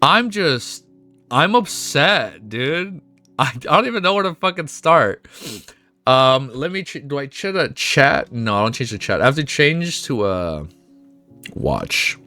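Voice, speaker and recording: A man streaming at home, reading a webnovel aloud and reacting with emotional, excitable outbursts full of swearing. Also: medium pitch, unhurried, soft background music. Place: at home with his dog.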